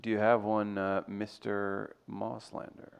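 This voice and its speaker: A man's voice: fairly low pitch, flat delivery, creaky, clear, resonant tone. A man hosting a radio show, joking and teasing his co-hosts in casual banter. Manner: joking, teasing, quick to mock.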